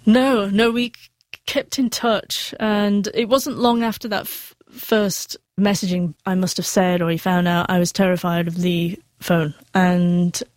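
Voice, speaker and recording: A woman's voice: fairly low pitch, steady tone, measured pace, a little mellow, no echo. A middle-aged woman who stutters, telling her personal story candidly as an interview guest. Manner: stutters with sound repetitions, candid and earnest.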